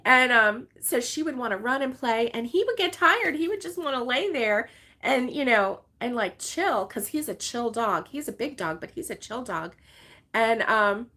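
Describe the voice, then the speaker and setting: A woman's voice: a little high, animated, normal speed, bright, forceful tone. A woman hosting a casual crochet livestream from home, rambling and chatting with viewers and laughing often. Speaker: crochet channel host. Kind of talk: casual livestream chat reading viewer comments. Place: her home, with dogs around.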